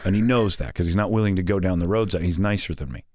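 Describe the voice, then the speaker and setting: A man co-hosting a podcast in casual banter, sarcastic and mocking, often slipping into quick mock voices. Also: low-pitched, darkish tone, dry recording, clean studio sound. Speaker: podcast co-host.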